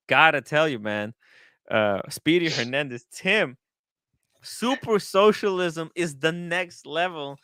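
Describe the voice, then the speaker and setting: Excitable man hosting a livestream. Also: a little high, clear, resonant tone, no room sound. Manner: excitable, talks in bursts, repeats himself. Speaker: livestream host. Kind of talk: casual livestream chat.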